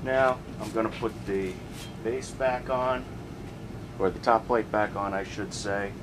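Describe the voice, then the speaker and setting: A man casually narrating a hands-on turntable repair in a relaxed, plainspoken way while he works in a home workshop. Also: fairly low pitch, unhurried, noisy background. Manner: relaxed, plainspoken, working as he talks. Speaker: hobbyist restoring a turntable.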